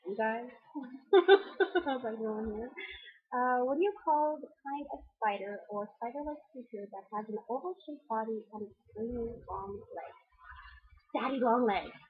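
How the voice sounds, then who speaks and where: A woman's voice: fairly high pitch, moderate pace, husky. A woman vlogger chatting casually to her viewers, reading out a word list and giggling between answers. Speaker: vlogger hosting her channel. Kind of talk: casual chat to camera. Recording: tinny phone-like lo-fi sound.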